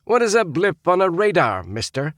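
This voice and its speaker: A man's voice: fairly high pitch, lively intonation, a little slow, no room sound, clean studio sound, voice pushed up. A man voicing a young male cadet upperclassman who snaps mock-stern orders. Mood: snapping.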